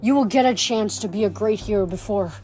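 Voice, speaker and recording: A woman's voice: mid-range voice, a little fast, a little mellow, soft background music, natural voice. A woman reading as a weary father god. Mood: pleading. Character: weary, torn male god, gentle father.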